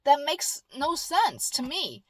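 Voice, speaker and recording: A woman vlogging straight to camera in a loose, rambling monologue. Her voice sits high, and she talks bluntly, curses freely and slips into whiny mimicry. The sound is dry and close, with no room around it. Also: wildly swooping pitch, slow, dry recording.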